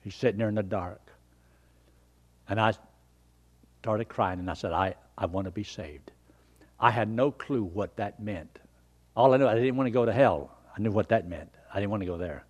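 An older man preaching a sermon and telling his own conversion story in an earnest, folksy way, swinging from loud emphasis down to hushed near-whispers. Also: fairly low pitch, normal speed, long pauses. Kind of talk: sermon with personal testimony.

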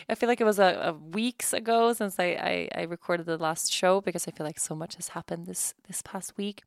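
A woman in her thirties hosts her own podcast from home, speaking a little fast in a lowish voice with vocal fry and barely pausing. The recording is dry and clean, studio-quality. Her solo chat is casual and candid, with frequent laughter and restarted sentences.

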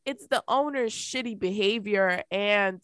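A woman's voice: a little slow, clean tone, no echo. A woman co-hosting a casual chat podcast, telling a story with lots of swearing and acted-out quotes. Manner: animated, profane, acts out quotes in a raised pitch. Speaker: podcast co-host.

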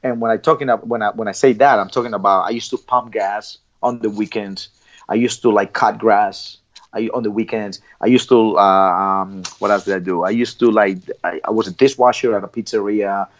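In a casual interview, a former Olympic athlete, a middle-aged Colombian man with a Colombian Spanish accent, speaks bluntly and fairly quickly, swearing freely and often starting his sentences over. His pitch is fairly low and his intonation fairly even, and the lo-fi recording sounds dull.

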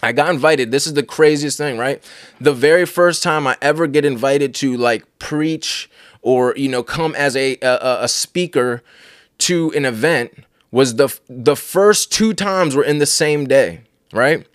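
A man's voice: medium pitch, measured pace, no room sound, studio quality. A man telling a personal faith testimony in a casual, earnest way, repeating phrases for emphasis. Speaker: Christian speaker and podcast host.

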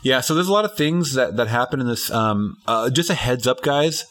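A man's voice: mid-range voice, expressive, normal speed, a bit bright. Rambling casual man reviewing a film. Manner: rambling, restarts, swears casually. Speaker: podcast co-host, movie reviewer. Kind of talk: casual chat.

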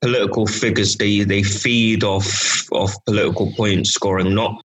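A young man, a student, telling an animated story in a casual chat with friends. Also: fairly low pitch, moderate pace, breathy edge, poor audio. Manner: animated storyteller, laughing asides.

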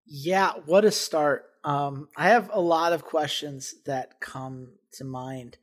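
Man, high voice, podcast co-host, casual chat, sarcastic asides. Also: takes it slowly. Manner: wry, sarcastic.

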